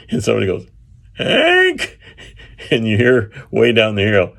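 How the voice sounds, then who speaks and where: Low-voiced man telling a story. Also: fairly even intonation, creaky. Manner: unhurried, with frequent filler pauses and chuckles. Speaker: engineer telling a field story. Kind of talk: casual anecdotal storytelling.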